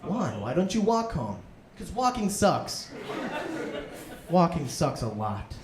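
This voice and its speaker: A young man, a student, doing a self-deprecating stand-up comedy set and jumping into excited inner voices, in front of a laughing audience. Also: on the high side, slow, crowd noise. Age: young adult. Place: live comedy room with audience. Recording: echoey room with background noise.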